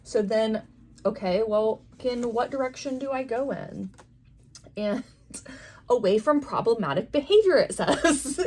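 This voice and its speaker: A young adult woman talking casually in a vlog, chatty and quick to laugh, with lots of fillers. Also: mid-range voice, darkish tone, a little hiss or hum. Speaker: tarot shop owner and vlogger. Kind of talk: casual chat.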